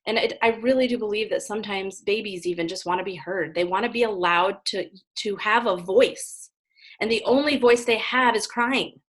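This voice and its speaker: A woman's voice: mid-range voice, normal speed, a bit bright. Earnest woman explaining at length. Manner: earnest, explains at length, often adds "right?". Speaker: parenting guest. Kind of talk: casual interview talk.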